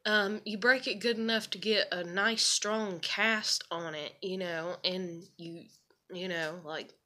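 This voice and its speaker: A woman's voice: on the low side, steady tone, takes it slowly, bright, forceful tone. A woman telling a personal story in a casual, rambling, candid way, swearing and filling with "you know" and "like".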